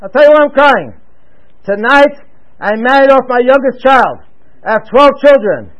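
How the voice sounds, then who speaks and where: A man's voice: very high-pitched, animated, moderate pace, lo-fi sound. A man voicing an earnest, grateful middle-aged father in a religious story.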